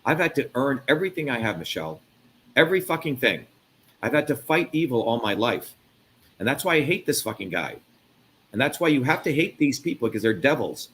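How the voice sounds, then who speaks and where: A man from India hosting a live interview, talking emphatically and profanely with loud swings of pitch. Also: very animated, brisk, slight background noise. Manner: emphatic, profane, mocking put-on voices. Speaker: host.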